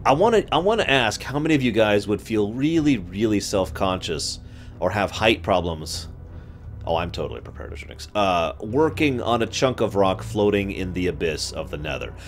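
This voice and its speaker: A man chatting through a game playthrough, self-deprecating and quick to laugh. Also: lowish voice, animated, slight background noise. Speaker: gamer commentator. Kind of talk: let's-play commentary.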